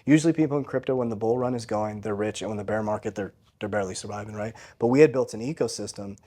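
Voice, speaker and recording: This financial coach, a man in his forties, talks quickly in a lowish, warm voice while guesting on a podcast. He tells a personal story earnestly and candidly, frequently finishing his sentences with "right?".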